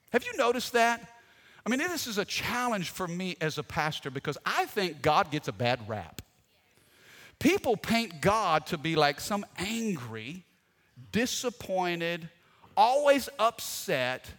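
A pastor preaching a sermon with animated storytelling. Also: male voice, high-pitched, in a large hall.

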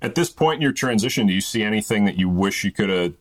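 Male interview host, very low voice, easygoing. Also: fast talker. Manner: relaxed, conversational, uses "like" often. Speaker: podcast host. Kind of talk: casual interview talk.

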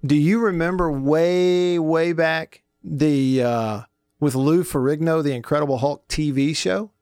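A man hosting a radio show, telling stories in a folksy, animated way and laughing often. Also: a little high, unhurried, clear, resonant tone, no echo, clean studio sound. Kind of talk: casual radio talk and storytelling.

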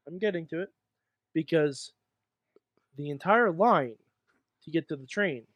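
A man co-hosting a casual wrestling talk show, telling stories with animated, mocking sung bits. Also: a little high, a little slow, no echo. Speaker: podcast co-host. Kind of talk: casual chat.

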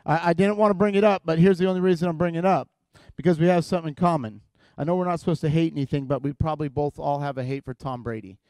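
A man's voice: a little high, steady tone, rapid-fire, warm tone, smooth, no room sound. A man preaching as a guest in church, opening with playful, teasing, self-mocking humor to a live congregation.

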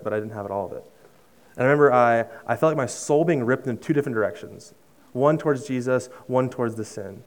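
Earnest young man preaching, smooth voice. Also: mid-range voice. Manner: earnest and conversational, many fillers and restarts; drops to a soft hush on emotional lines. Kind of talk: sermon with personal story.

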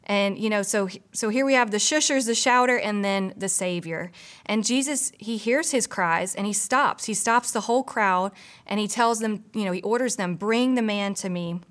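A woman's voice: mid-range voice, moderate pace, fairly bright tone. A woman from a church staff giving a casual, earnest devotional, full of "you know" asides. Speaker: church pastor or staff member. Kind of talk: conversational devotional teaching.

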